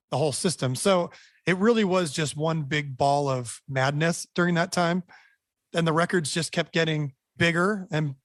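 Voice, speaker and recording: Band member man, rambling animated storyteller, slightly high voice, dry close sound. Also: no echo. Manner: animated, repeats words, many restarts. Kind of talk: casual storytelling.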